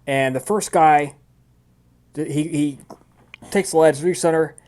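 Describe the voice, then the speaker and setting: A man's voice: fairly high pitch, unhurried, darkish tone. A man narrating as game master of a tabletop role-playing game, loose and chatty with many fillers.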